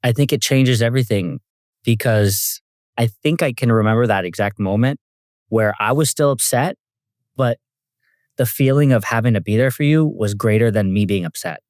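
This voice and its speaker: A young man appearing as a guest on a podcast, speaking thoughtfully and haltingly with lots of fillers. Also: mid-range voice, darkish tone, dry recording, studio quality. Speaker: podcast guest, host's husband. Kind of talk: casual chat.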